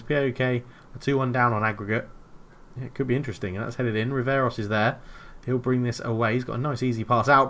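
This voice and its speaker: A man giving casual, excitable play-by-play commentary while playing a football management game, thinking aloud between plays. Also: mid-range voice. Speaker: video game player.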